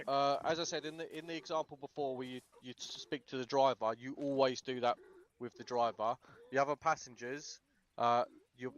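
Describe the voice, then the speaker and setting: A man's voice: mid-range voice, a bit bright, lo-fi sound. Sweary man giving a briefing. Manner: blunt and sweary, acts out example dialogue. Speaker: instructor. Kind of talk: casual tactical briefing.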